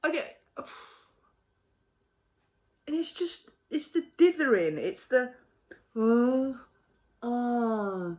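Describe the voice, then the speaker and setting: A woman ranting to camera in a casual vlog, exasperated and sweary, often laughing in disbelief. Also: very high-pitched. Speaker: vlogger.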